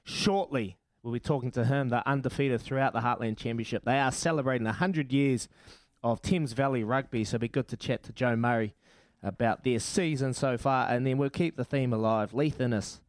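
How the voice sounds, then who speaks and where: A man's voice: mid-range voice, normal speed, no room sound. A man with a New Zealand accent co-hosting breakfast radio in casual, upbeat chat. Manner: chatty, upbeat, friendly. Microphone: studio mic.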